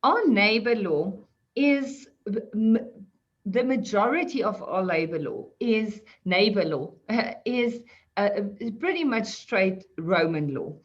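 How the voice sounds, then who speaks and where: A woman's voice: medium pitch, lively intonation, slow. A woman explaining property law on an online panel, chatty and self-deprecating, laughing often. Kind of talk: conversational explanation. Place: online video call. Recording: muffled video call audio.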